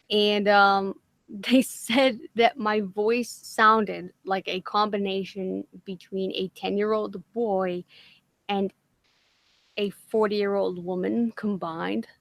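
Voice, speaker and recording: A young woman with a slightly boyish, nasal voice, co-hosting a livestream in casual chat, animated, self-mocking and swearing freely. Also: medium pitch, gravelly, no room sound. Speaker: livestream co-host.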